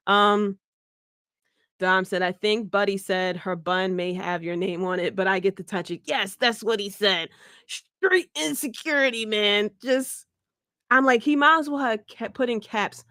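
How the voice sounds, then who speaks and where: A woman hosting a podcast, recapping wrestling in a joking, animated way, laughing often and swearing freely. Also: medium pitch, no room sound, studio quality. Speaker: podcast host. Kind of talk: casual wrestling recap chat.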